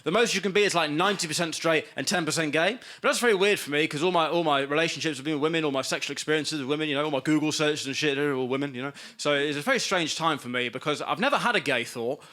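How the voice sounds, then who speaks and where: A man's voice: on the high side, fast, few pauses, sharp tone. A man in his twenties from England doing a sardonic stand-up comedy set, slipping into mock voices for punchlines. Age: 20s. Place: comedy stage before a live studio audience.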